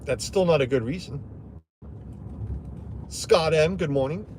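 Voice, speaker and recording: A man's voice: a little high, unhurried, a little mellow, slight background noise. A middle-aged man hosting a live stream from inside his truck, rambling casually and greeting viewers by name.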